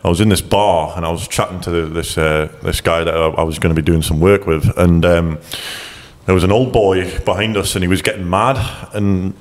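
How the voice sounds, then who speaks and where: Man, very low voice, casual podcast guest, heavy swearing, long reverb. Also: fairly even intonation, a little fast. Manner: swears a lot, laughs while telling stories. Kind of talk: casual chat.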